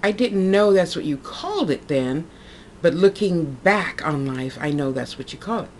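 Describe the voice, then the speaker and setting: A woman's voice: low-pitched, animated, normal speed, slight background noise. A woman talking to her camera in a casual, heartfelt vlog monologue, rambling and repeating herself as she goes. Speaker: vlogger.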